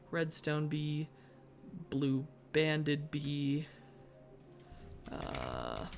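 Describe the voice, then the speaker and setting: A woman's voice: low voice, gravelly. A woman streaming live from her desk at home, muttering wry gameplay commentary to herself and easily getting sidetracked. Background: faint background music.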